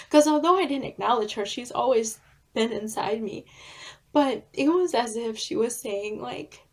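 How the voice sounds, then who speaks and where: A woman author and therapist being interviewed, sharing a heartfelt personal story in an earnest, deliberate way. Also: a little high.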